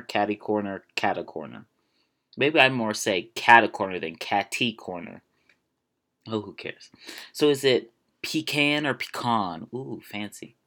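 Chatty man from Maryland, low voice. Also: a bit bright. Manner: chatty, self-amused, drifts off on tangents. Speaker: podcast host. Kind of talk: casual solo podcast chat.

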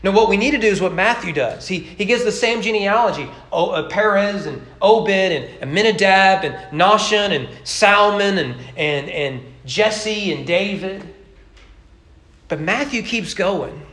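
A man pastor preaching a sermon with rhythmic, emphatic delivery and dramatic pauses. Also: sits high, expressive, fairly bright tone. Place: church sanctuary. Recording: roomy church sanctuary.

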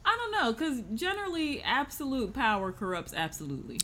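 A woman's voice: high voice, huge pitch swings, brisk, sharp tone. A woman co-hosting a podcast in casual chat, laughing often while giving earnest opinions. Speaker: podcast co-host.

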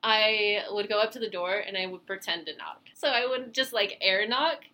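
A woman in her twenties co-hosting a podcast, chatty and quick to laugh as she tells stories in casual conversation. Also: medium pitch, sharp tone. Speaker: podcast co-host. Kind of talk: casual chat.

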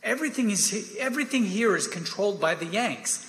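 A man's voice: high-pitched, animated, brisk, fairly bright tone. A man reading the part of an eager young army lieutenant who keeps pleading with his superior in a staged play reading. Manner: wheedling, persistent, keeps saying sir. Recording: echoey reverberant hall.

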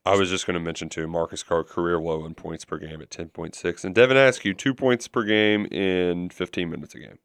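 A man's voice: sits low, brisk, fairly bright tone, clear, resonant tone, dry recording. Man, sports co-host, rambling, conversational, dry close sound. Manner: conversational, rambling with many fillers and restarts. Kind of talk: casual sports talk.

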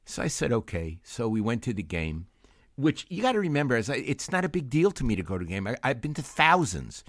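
Lively older man telling stories. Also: medium pitch, fairly quick, no room sound, clean studio sound. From Brooklyn, New York. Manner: animated storyteller, laughs often. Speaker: podcast co-host. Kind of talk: casual storytelling chat.

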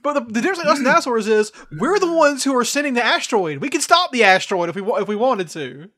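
A man's voice: very high voice, very animated, fast, sharp tone. A young man from Georgia in the US, co-hosting a casual chat and ranting in an earnest, profane way.

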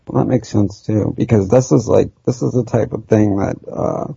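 A low, gravelly man with a dark, raspy voice works through his questions slowly and haltingly. He co-hosts a casual podcast. The sound is dry, dull and lo-fi. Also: steady tone, no echo.

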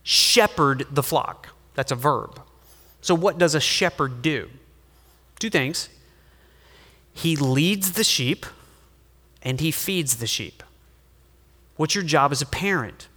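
A middle-aged male pastor delivers a sermon with a bright, forceful, somewhat high voice. He is lively and joking, dropping from loud emphasis to quiet asides. His words ring out with a long reverb in a large church hall. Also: takes it slowly, long pauses.

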